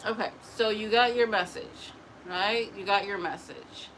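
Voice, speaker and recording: A woman's voice: medium pitch, unhurried, rough recording. Tired chatty woman talking to camera, laughs a lot, mimics people, bit of hiss behind her. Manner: chatty, animated, laughs often, acts out other people. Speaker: spiritual messenger. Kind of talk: casual talk to camera.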